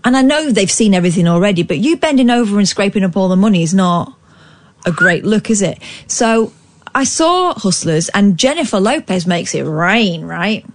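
Woman co-host, middle-pitched voice, reading a trashy story out loud for laughs. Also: lively intonation, moderate pace. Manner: amused, puts on mock voices while reading. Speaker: radio co-host. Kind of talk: reading a news story aloud with comic voices.

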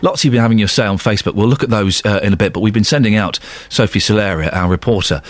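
A man hosting a radio talk show, excitable and goading, stumbling over his words. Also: fairly low pitch, rapid-fire, no room sound. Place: radio studio. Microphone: studio microphone.

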